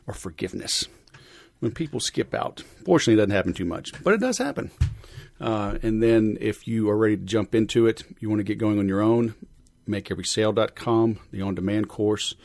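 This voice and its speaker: Male podcast host, deep-ish voice, rambling and jokey, dry sound. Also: a little mellow, dry recording. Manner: loose, rambling, joking, lots of fillers. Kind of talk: casual podcast chat.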